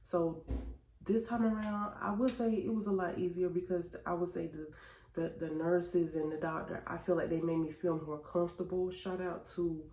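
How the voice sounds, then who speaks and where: Lady vlogging, mellow voice, chatty and lively, kinda echoey room. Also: fairly low pitch. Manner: chatty, animated, addresses viewers as y'all. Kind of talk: casual storytelling vlog. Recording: roomy echo.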